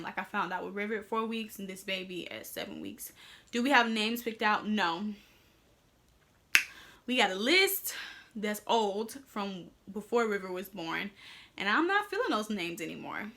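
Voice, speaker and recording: A young woman talks openly and casually to her viewers, calling them y'all. Her voice is bright and forward, pitched in the middle for a woman, and she sounds slightly out of breath as she chats through a home vlog update. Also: expressive, moderate pace. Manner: chatty, candid, addresses viewers as y'all. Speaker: vlogger.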